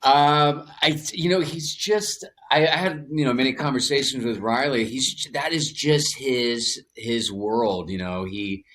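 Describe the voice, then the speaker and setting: An actor in an interview who talks haltingly and searches for his words. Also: medium pitch, fairly even intonation, a bit bright. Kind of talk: casual interview talk.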